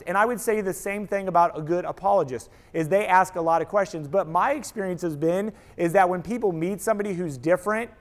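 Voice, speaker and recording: A man speaking to a live audience, telling stories and acting out quoted lines in an energetic talk. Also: high voice. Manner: animated storytelling, acts out quoted voices. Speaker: speaker, apologetics teacher.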